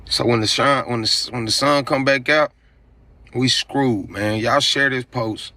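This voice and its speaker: A man's voice: mid-range voice, a little slow, pushed and bright, dry recording. A man in a social media clip talking casually and with regret about a bad decision.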